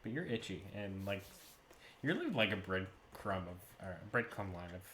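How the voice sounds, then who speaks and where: A man running a tabletop game as game master, describing scenes slowly with measured pauses. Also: low-pitched, big pitch swings, a bit bright, echoey room, a little hiss or hum.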